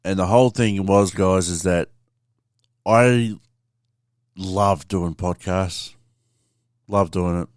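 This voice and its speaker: A man with a very low voice hosts his podcast in a loose, rambling monologue, swearing freely and calling his listeners mate. The sound is dry and close, with no room in it. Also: slow pace, pauses often, no room sound. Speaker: podcast host. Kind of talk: casual storytelling monologue.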